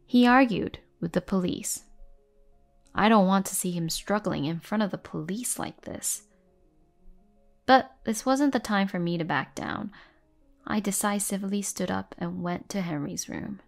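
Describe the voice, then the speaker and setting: Gravelly-voiced woman narrating a story. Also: mid-range voice, a little slow, faint music behind. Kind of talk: scripted first-person story narration.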